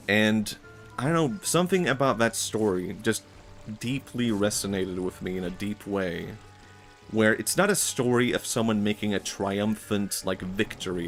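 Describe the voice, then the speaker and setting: A man streaming, talking in a rambling, reflective way, full of filler words and frequent laughs. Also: on the low side. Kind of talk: casual stream chat.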